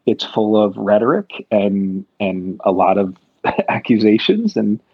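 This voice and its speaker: An American man talks through politics in a low, gravelly voice, with a husky edge. He rambles, restarting his thoughts with many fillers. The sound is dull and lo-fi. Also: expressive, unhurried, dry recording. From United States. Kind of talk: casual political chat.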